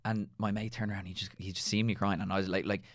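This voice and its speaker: A young Irish man on a podcast, rattling through stories at a quick clip and playing out the quotes in them. His voice sits low with a gravelly edge, and the sound is close and dry. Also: no echo. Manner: animated storyteller acting out quoted remarks. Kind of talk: casual podcast chat.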